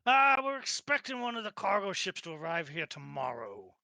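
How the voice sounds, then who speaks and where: A man's voice: sits high, sing-song, normal speed, creaky, sharp tone, dry recording, exaggerated voice. A man voicing a gossipy dockside trader with a put-on Brooklyn accent. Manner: chatty, laughing often.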